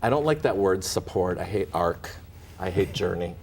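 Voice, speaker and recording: A middle-aged man, a guest in a casual interview, telling animated stories with laughs and acted-out bits. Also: sits low, normal speed, breathy edge. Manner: animated, laughing, acts out and hums snippets.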